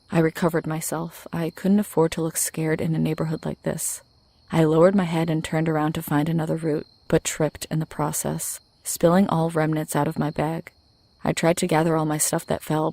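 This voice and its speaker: Woman reading a horror story, low voice, kinda gravelly and flat. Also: no room sound. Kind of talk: scripted narration.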